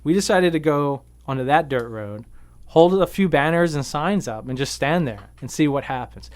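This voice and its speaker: A man's smooth, clear voice, recorded dry and close in a radio studio. He tells a story casually, with many fillers and "um"s, and rises in animated bursts at the key moments. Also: on the high side, normal speed, no room sound. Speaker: guest activist, veteran.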